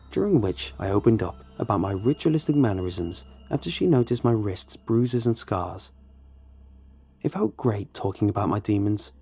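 A man narrating a first-person horror story in a measured, somber way. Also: on the low side, mellow, breathy edge.

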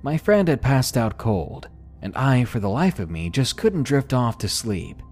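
Man narrating a horror story, slow pace, lively pitch, faint music behind.

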